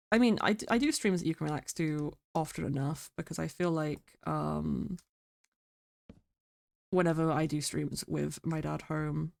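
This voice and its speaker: A sick woman streamer chatting quietly and mumbling close to her microphone. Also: low voice, creaky, no room sound. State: sick, rough throat. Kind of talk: casual stream chat. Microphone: very close to mic.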